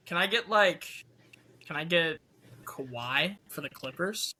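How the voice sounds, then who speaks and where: A man co-hosting a podcast, hesitant, with lots of ums and throat clearing. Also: fairly high pitch, animated, slow pace, pushed and bright. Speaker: podcast co-host. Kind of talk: casual chat.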